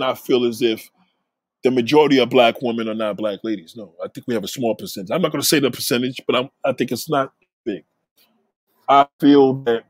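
A man's voice: medium pitch, no room sound. A man talking in a blunt, profane casual rant, often repeating himself.

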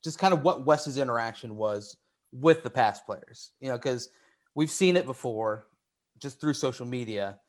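A man's voice: mid-range voice, expressive, moderate pace. A man hosting a casual sports podcast, asking long rambling questions and repeating phrases as he works them out. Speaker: podcast host.

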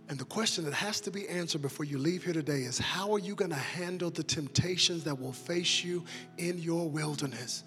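A young male pastor preaching a sermon, moving between quiet talk and shouted, rousing calls to the congregation. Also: on the high side, moderate pace. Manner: call-and-response preaching, swings from soft talk to shouted climaxes. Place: large church sanctuary. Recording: long hall reverb with organ music behind.

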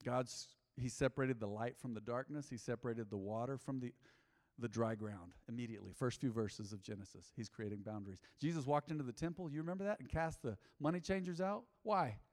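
A man preaching as a pastor in a church, emphatic, swinging between loud bursts and quiet asides, calling on the congregation to answer back. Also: brisk. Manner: emphatic, big swings in pitch and loudness; calls for congregation responses. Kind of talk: sermon. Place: urban church. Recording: long hall reverb in a church.

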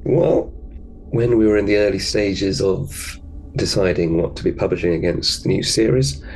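Deep gravelly man, hesitant guest. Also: normal speed, darkish tone, rough recording. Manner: hesitant, many ums. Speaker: book editor guest. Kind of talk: interview answers.

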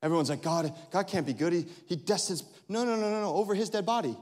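Male pastor, 30s, high voice, animated sermon delivery in a reverberant church hall. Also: fast talker. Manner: animated, swings between loud exclamations and hushed asides, laughs often.

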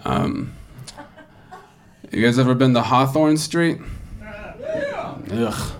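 A man performing a stand-up set, telling a story in a dry way and breaking into loud impressions. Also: mid-range voice, slow pace. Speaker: stand-up comedian. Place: comedy club. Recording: loud crowd in a club. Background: audience laughter.

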